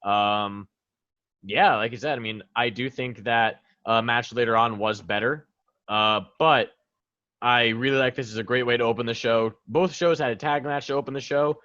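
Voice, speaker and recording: A man's voice: medium pitch, fairly even intonation, moderate pace, sharp tone, no room sound, muffled recording. A man co-hosting a wrestling podcast, chatty and amused as he recalls the match's mistakes. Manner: chatty, laughs at botches. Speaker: podcast co-host. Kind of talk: casual wrestling recap.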